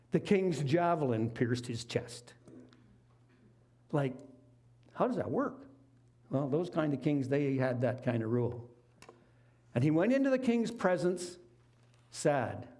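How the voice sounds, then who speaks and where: A man's voice: fairly high pitch, lively intonation, measured pace, long pauses, dark tone. A middle-aged man preaching a sermon, retelling a Bible story in a conversational, folksy way with casual asides. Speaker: lay preacher.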